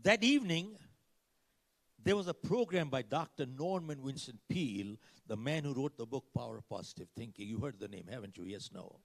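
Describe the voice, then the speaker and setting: A man's voice: mid-range voice, animated, normal speed, vocal fry. An older man giving a motivational keynote, telling stories dramatically and acting out dialogue to the audience. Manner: dramatic storytelling, acts out dialogue, asks the crowd questions. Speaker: motivational speaker. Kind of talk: keynote speech to a live audience. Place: conference hall. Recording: reverberant hall sound.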